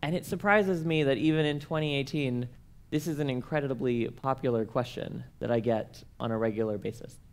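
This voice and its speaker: A man's voice: mid-range voice, a little fast, gravelly. A young man, speaking at a workshop and telling comic personal stories in a playful, self-mocking way, acting out the dialogue.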